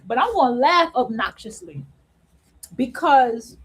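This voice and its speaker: A woman with a high, bright voice delivers an unscripted opinion monologue as a host. She is blunt and profane, laughs at her own points and repeats phrases to hammer them home. She slows down and draws words out when she wants them to land. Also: big pitch swings, husky, poor audio. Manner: repeats phrases for emphasis, drawing words out slowly.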